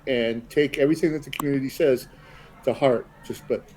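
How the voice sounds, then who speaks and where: A man's voice: mid-range voice, a little fast, a little mellow, poor audio. A man hosting a casual podcast, talking in an easygoing, rambling way full of fillers as he hands out advice. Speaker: podcast host.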